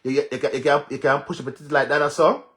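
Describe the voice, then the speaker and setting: A man with a Jamaican accent ranting on a livestream as a social media commentator, loud and mocking, laughing and cursing as he goes. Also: mid-range voice, steady tone, very fast. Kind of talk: livestream rant.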